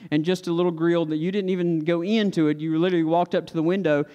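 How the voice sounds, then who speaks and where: A man preaches in a folksy, confessional style, talking to his listeners. His voice sits a little high for a man and rings with a long reverb in a big hall. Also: fairly even intonation, fast, mellow, highs cut off. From Stokes County, North Carolina. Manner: folksy, confessional, acts out family dialogue. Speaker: pastor. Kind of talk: sermon storytelling.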